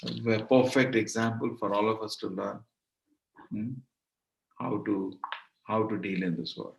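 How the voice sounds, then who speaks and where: A man's voice: on the low side, level tone, a little slow, vocal fry, pauses often, highs cut off. A man teaching a devotional scripture class, speaking emphatically and repeating phrases for stress over an online call. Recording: roomy echo.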